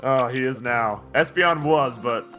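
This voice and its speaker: Gushing, bright-voiced game commentator. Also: male voice, mid-range voice, unhurried, faint music behind. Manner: enthusiastic and gushing. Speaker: let's-play host.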